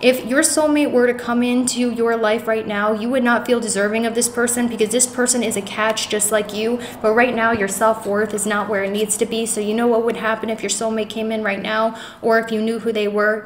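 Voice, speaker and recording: A fairly high-voiced woman reads tarot cards for her viewers in a heartfelt, reassuring way, often calling them "guys." Her voice rings around a bouncy, echoey room. A faint hiss sits behind her. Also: little pitch movement, a little fast, few pauses. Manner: earnest, emotional, reassuring; many fillers and restarts, addresses viewers as guys. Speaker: tarot reader. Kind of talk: pick-a-card tarot reading.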